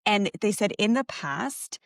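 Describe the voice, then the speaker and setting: A woman's voice: medium pitch, expressive, a little slow, vocal fry, no room sound, clean studio sound. A middle-aged woman co-hosting a parenting podcast, telling a story in a chatty, casual way with lots of fillers and self-corrections.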